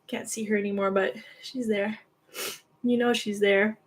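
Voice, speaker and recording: A woman's voice: medium pitch, little pitch movement, measured pace. A young woman hosting a knitting livestream, chatting casually and giggling, cooing baby talk at her cat.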